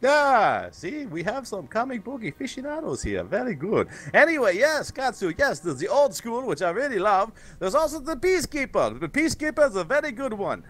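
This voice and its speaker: A man's voice: very high voice, huge pitch swings, normal speed, few pauses, a bit bright, full character voice. A man doing a grand old vampire Count. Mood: rambling. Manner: grand put-on foreign accent, sweeping exclamations. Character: ancient male vampire count, theatrical and fussy. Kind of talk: voice chat role-play on a game stream.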